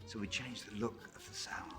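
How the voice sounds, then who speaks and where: Low-voiced reflective man, music behind. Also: brisk. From London. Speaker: interviewee. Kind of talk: documentary interview reminiscence.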